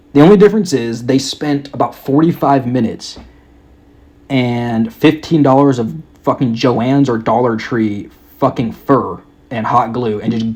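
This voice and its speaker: A young man at a middle pitch rants on his own podcast, swearing constantly and sounding exasperated. His tone is mocking and scornful throughout. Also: darkish tone. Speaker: podcast host. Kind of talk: casual rant.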